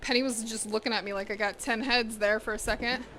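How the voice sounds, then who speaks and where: Young woman streaming from her kitchen, bright, slightly high voice, chatty, soft hum of the room behind. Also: fairly even intonation, fast talker. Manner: chatty, talks to chat and to her pets. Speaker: cooking streamer. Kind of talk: casual livestream chat while cooking. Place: home kitchen.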